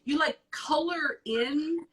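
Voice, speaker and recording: A woman hosting an advice show in casual chat, blunt and profane, talking with animated emphasis. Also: high-pitched, takes it slowly, distant mic, low-quality recording.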